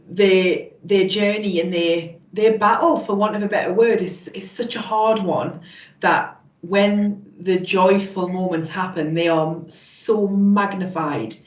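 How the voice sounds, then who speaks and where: A woman hosting a podcast, asking reflective questions in a halting way with many fillers. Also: mid-range voice. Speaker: podcast host. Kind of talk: interview questions. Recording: echoey room, distant mic.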